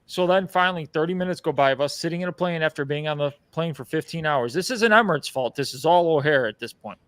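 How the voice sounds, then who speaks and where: A man tells a travel story with lively energy, casually co-hosting a livestream. His voice is a bit high and the recording sounds dry and close. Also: quick pace, clear, resonant tone, no echo. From United States. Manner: animated storyteller acting out voices. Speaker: livestream co-host. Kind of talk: casual chat.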